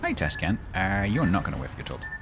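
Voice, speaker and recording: A man streaming live gameplay and commenting as he plays, chatty and breaking into sudden excited exclamations. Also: low-pitched, a little fast, music in the background. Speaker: game streamer.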